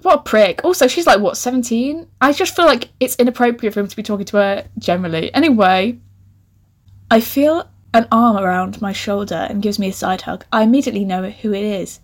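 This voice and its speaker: A woman in her twenties with an animated, laughing manner, reading out her old writing and mocking it with sarcastic asides. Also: medium pitch, fairly quick. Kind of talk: comic reading with commentary.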